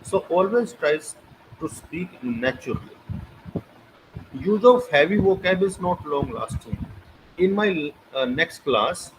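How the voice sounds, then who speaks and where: Lively high-voiced Indian man teaching. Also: slow. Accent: Indian English. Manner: emphatic, repeats key phrases, rhetorical questions. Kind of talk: online lecture. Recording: noisy recording with clicks.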